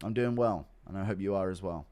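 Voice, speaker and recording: A man's voice: low-pitched, a little fast, warm tone. A man streaming casual commentary, reading out donations and reacting bluntly, swearing often and rambling with lots of fillers. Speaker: streamer reacting to MMA news.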